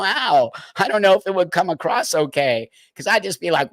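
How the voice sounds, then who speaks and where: A man's voice: high voice, animated, a little slow, fairly bright tone, dry recording, studio quality. Heated man hosting a live stream. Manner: heated, emphatic, talks straight to viewers. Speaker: livestream host. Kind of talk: live-stream political commentary.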